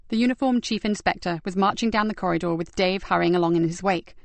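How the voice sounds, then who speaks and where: A woman narrating a crime thriller audiobook in a steady, measured storytelling manner. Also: lowish voice, no echo. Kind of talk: scripted crime novel narration.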